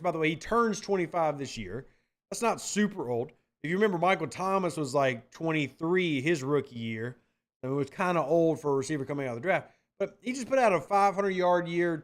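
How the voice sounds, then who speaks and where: A man hosts a casual livestream podcast, reading the chat aloud and answering it. His voice sits fairly high, and he talks in an animated, playful way, teasing his viewers.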